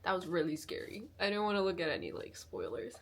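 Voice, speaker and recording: Woman in her 20s, excitable reading vlogger, casual home recording. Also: on the low side, fast, vocal fry. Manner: excitable, chatty, full of fillers. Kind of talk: casual vlog chat.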